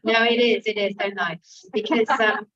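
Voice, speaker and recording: An English actor and author answering audience questions at a bookshop event, candid and self-mocking, with frequent swearing. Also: female voice, mid-range voice, fairly even intonation, normal speed, fairly bright tone, a little hiss or hum. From England. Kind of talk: casual stage conversation. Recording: distant, dull lo-fi room recording.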